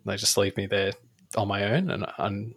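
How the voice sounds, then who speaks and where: A man's voice: on the low side, steady tone, normal speed, slightly rough, no room sound, studio quality. A man co-hosting a podcast, chatting casually, hesitant and sheepish with many restarts. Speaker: podcast co-host. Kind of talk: casual chat.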